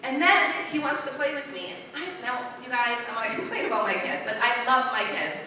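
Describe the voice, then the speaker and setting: A woman doing rambling, self-deprecating stand-up at an open mic night in a bar, with a voice she calls deep. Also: brisk, sharp tone, a little hiss or hum. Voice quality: deep-sounding voice. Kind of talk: stand-up comedy. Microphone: stage mic in a bar. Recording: roomy hall, voice from far off.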